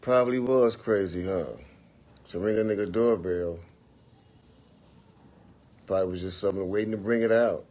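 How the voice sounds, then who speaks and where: A man hosts a livestream from his phone, telling his viewers stories in a laid-back, profane style and often saying "for real" and "you know what I'm saying." His voice is on the low side and a little mellow, at a normal speed with frequent pauses.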